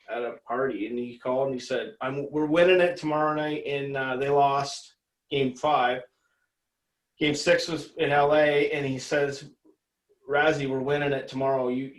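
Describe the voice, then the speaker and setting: Rambling, profane man in an echoey room. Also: mid-range voice. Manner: rambling, profane, laughs through stories. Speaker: interview guest. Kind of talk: casual storytelling.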